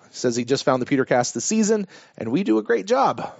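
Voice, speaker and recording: A man co-hosting a sports podcast, reading listener emails aloud and giving his take in a measured, self-deprecating way. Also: fairly high pitch, very animated, creaky, dry recording. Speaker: podcast co-host. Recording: dull, dry lo-fi podcast audio.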